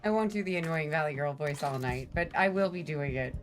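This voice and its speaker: A woman's voice: deep voice, a little fast, soft background music. A woman guest streamer chatting casually in a playful, teasing, giggly way. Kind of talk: casual chat.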